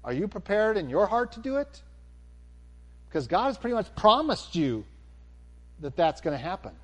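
A man preaching a sermon, animated, swinging from near-shouts down to a calm, low delivery. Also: normal speed.

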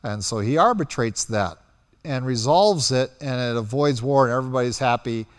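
A man preaching a sermon, telling the story with animated delivery and acting out quotes as he goes. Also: mid-range voice, normal speed, big-room sound.

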